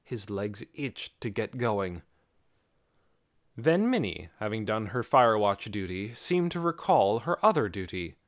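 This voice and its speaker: Man narrating an audiobook, lively pitch. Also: unhurried, dry recording, studio quality. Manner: expressive storytelling.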